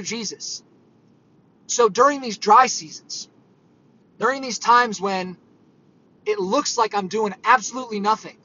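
Earnest man preaching off the cuff, high and bright, muffled lo-fi recording. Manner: earnest, conversational, rambling with fillers. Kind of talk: informal sermon. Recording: dull lo-fi audio.

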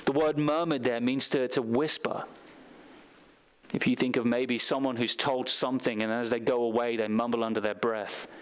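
A man's voice: mid-range voice, steady tone, normal speed, smooth. A man preaching a sermon as pastor, reading scripture aloud and telling stories from his own youth. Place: church sanctuary.

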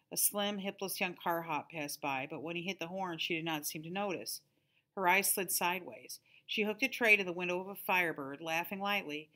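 Low-voiced woman reading a novel aloud. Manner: calm, steady storytelling. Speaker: teacher.

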